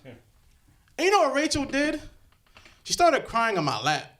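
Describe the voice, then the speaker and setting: A man's voice: extremely high pitch, wildly swooping pitch, measured pace, a bit bright. A young man from Connecticut performing a stand-up comedy set, talking loosely and conversationally. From Connecticut, USA. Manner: loose, conversational, slips into character voices for quoted people.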